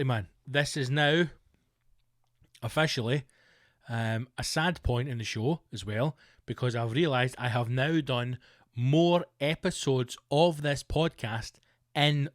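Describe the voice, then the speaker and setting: A man's voice: mid-range voice, no room sound, clean studio sound. A Scottish man hosting his podcast, a comedian rambling through a jokey, self-mocking monologue. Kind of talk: casual comic monologue.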